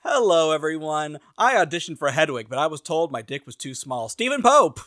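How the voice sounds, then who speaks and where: A man co-hosts a comedy podcast, cracking self-mocking jokes in a bright voice. His pitch moves around a lot, and the recording sounds dry and close. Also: brisk, dry recording. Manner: jokey, lively, self-mocking. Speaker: podcast co-host. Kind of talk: casual comedic chat.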